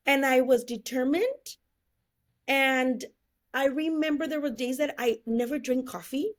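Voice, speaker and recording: A woman's voice: sits high, normal speed. A woman guest telling her life story in an interview, acting out the people she quotes and laughing often. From California, USA.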